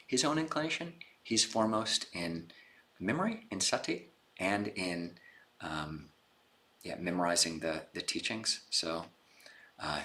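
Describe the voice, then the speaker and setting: A man's voice: low voice, sharp tone. A man, a Buddhist monk, giving an informal dharma talk, explaining casually and retelling scenes in a chatty, slangy way.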